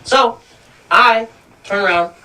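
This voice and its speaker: A man's voice: high voice, takes it slowly, bright, forceful tone, recorded from a distance. A young man telling a long story in a rambling, slangy, profane way, laughing as he goes. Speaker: podcast co-host telling a story. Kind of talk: casual storytelling chat.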